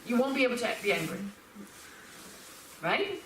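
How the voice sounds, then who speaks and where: A woman teaching Buddhist philosophy as a lecture, lively and animated, laughing and acting out little quotes as she explains. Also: a little high, normal speed, slight background noise. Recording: roomy hall, speaker far from the mic.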